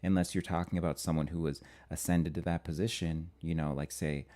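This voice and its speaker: A man from Minnesota hosting a live-stream commentary show, talking in a halting way with frequent restarts and fillers. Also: extremely low pitch, fairly even intonation, dark tone. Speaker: astrology channel host.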